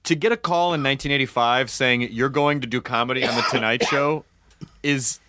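A man's voice: mid-range voice, a little fast, bright, forceful tone, no echo, clean studio sound. A man hosting a casual interview, talking emphatically and swearing casually. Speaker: podcast host.

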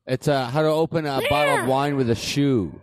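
A man's voice: medium pitch, fairly quick, dry recording, studio quality. A man co-hosting a comedy podcast, chatty and curious. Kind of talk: casual podcast chat.

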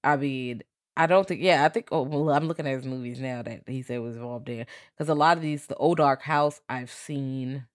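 A woman co-hosting a podcast, recapping a horror film in an animated, profane way. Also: rumbling low, moderate pace. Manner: animated storytelling, lots of swearing and quoted voices. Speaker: podcast co-host. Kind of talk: casual profane movie recap.

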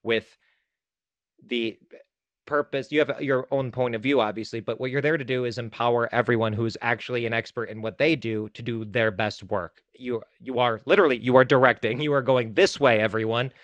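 A man's voice: mid-range voice, steady tone, a little fast, a bit bright, dry recording, lo-fi sound. Chatty self-deprecating man, dry sound. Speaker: filmmaker guest. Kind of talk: casual interview talk.

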